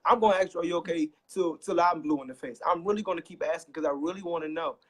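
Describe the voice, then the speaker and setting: A man's voice: on the high side, fast talker, fairly bright tone, slightly rough. Young man fighting back tears. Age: young adult. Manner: earnest, repeats phrases, voice rising when emphatic. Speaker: guest sharing a personal story. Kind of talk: emotional personal testimony.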